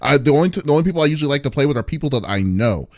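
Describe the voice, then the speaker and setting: A man's voice: a little high, lively intonation, racing, dry recording, clean studio sound. A man hosting a casual gaming podcast, rambling with lots of fillers and restarts. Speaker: podcast host.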